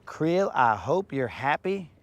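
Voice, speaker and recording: A man's voice: on the high side, big pitch swings, slow pace. A man hosting a live fishing vlog from a boat on a lake, bantering in a laid-back, joking way. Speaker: fishing show host.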